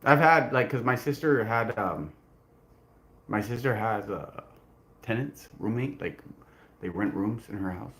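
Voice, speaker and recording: A man with a lowish voice chats casually on his livestream. He rambles, restarts his sentences and leans on fillers as he goes. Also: lively intonation, a little slow, long pauses, a bit bright. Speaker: livestream host.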